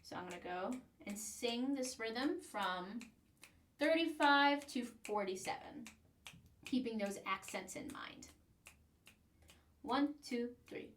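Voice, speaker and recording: A woman with a fairly high voice explains trombone practice one step at a time, sometimes singing a rhythm on single syllables. She sits a little back from the mic in an echoey room. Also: lively intonation, a little slow, a bit bright, recorded from a distance, a little hiss or hum. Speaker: trombone teacher. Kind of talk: instructional demonstration.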